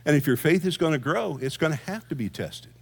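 Storytelling preacher, a man with a higher pitch. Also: animated, brisk, gravelly, breathy edge. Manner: conversational storytelling preacher with laughs and asides. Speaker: senior pastor. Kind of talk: sermon.

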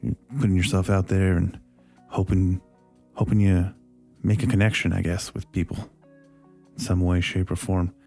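A man hosting a podcast, talking in a relaxed, rambling, slightly self-deprecating way. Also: sits low, normal speed, vocal fry, soft background music. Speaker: podcast host. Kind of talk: casual podcast chat. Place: Las Vegas studio.

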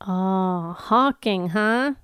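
A joking woman co-hosting a podcast, with a smooth, clear voice. She chats casually about a TV show and laughs easily. The sound is dry and close. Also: medium pitch, very slow, fairly bright tone, no echo. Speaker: podcast co-host. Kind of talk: casual TV recap chat.

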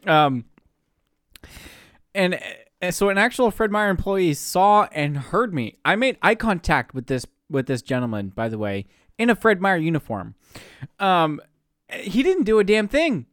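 A man's voice: high-pitched, sing-song, a little slow, long pauses, a bit bright, no room sound, clean studio sound. A young man from the Pacific Northwest, co-hosting a podcast, telling a story in a casual way, laughing often and swearing freely. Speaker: podcast co-host.

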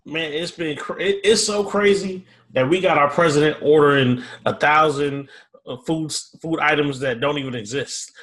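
A man's voice: fairly high pitch, moderate pace, a bit bright. A man co-hosting a podcast, joking and rambling through his bits. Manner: joking, rambling, mock-formal. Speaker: podcast co-host. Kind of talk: casual chat.

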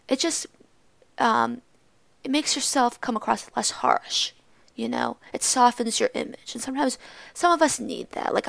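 Blunt, profane young woman with vocal fry. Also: a little high, dry recording. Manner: blunt, profane, rambling with restarts. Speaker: podcast host. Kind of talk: casual storytelling monologue.

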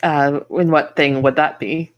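A woman playing a tabletop game who speaks in a formal, measured, somewhat hesitant manner in character. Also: sits low, fairly even intonation, dull audio. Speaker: player.

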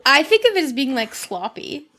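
A woman's voice: high-pitched, big pitch swings, moderate pace, a bit bright. A woman co-hosting a podcast in casual chat, giggly and squeamish about crude words. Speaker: podcast co-host.

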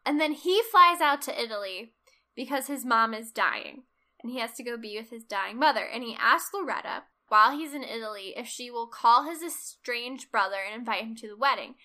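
A woman with a bright, somewhat high voice tells a movie's story to a friend in a relaxed, chatty way. She jumps between narration and little acted-out quotes and laughs as she goes. The tone is an easy, conversational podcast tone. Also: fairly quick. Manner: animated storyteller, acts out quotes, laughs often. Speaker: podcast co-host. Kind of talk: casual film recap chat.

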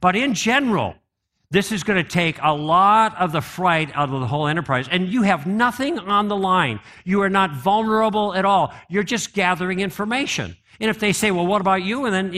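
Guy giving a talk to a crowd, kinda high bright voice, asks the room stuff, chatty. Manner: animated, conversational, asks the audience questions. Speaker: apologetics speaker. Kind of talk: live conference talk.

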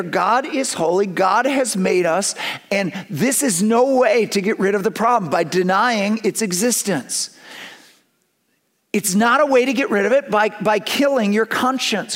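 A man preaching a sermon in a fairly high voice. He talks earnestly and conversationally, slipping into quick asides, then settling back into steady reading. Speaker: pastor.

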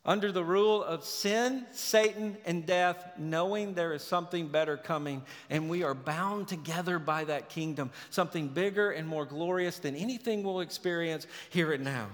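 Male pastor, higher voice, earnest sermon delivery, long reverb of a church hall. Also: moderate pace, hardly any pauses. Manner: earnest preaching, swinging from loud urgency to hushed tenderness.

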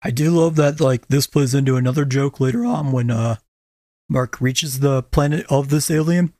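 A man co-hosting a casual podcast chat, recapping a show with plenty of swearing and quick acted asides. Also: mid-range voice, dry recording, studio quality. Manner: profane, animated recapping with quick impressions. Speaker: podcast co-host.

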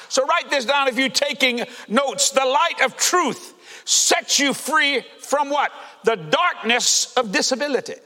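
A man preaching a fervent sermon to a congregation, shouting and laughing as he goes. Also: extremely high pitch. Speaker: pastor. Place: church sanctuary. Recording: reverberant church hall.

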